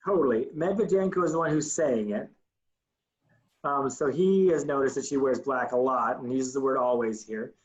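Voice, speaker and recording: A man's voice: medium pitch, moderate pace, muffled recording. A man teaching an acting class, coaching students and demonstrating lines aloud. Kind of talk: online acting class instruction.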